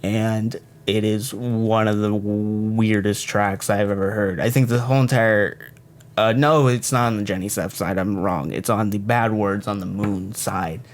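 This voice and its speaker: A man's voice: fairly low pitch, fairly even intonation, a little slow. A young man co-hosting a casual music podcast, rambling, joking and correcting himself as he goes. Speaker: podcast co-host.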